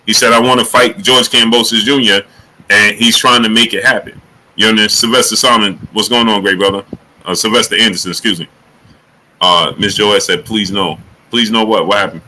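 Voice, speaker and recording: A man hosting a casual boxing talk livestream, greeting chatters by name and jumping into high excited exclamations. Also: a little fast, slight background noise, low-quality recording. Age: adult. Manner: animated, rising to high excited exclamations when joking. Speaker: livestream host.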